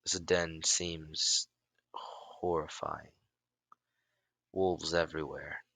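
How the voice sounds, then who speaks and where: Deep-voiced man narrating a fan story. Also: flat delivery, creaky, no echo. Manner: halting, many restarts and self-corrections; bursts into loud shouts for dialogue.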